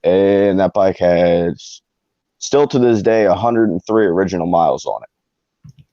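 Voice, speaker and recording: Low-voiced man on a muffled call. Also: a little slow, warm tone, dry recording. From Pennsylvania, near Philadelphia. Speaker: caller. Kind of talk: casual chat. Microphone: phone or webcam on a video call. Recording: muffled dry video-call audio.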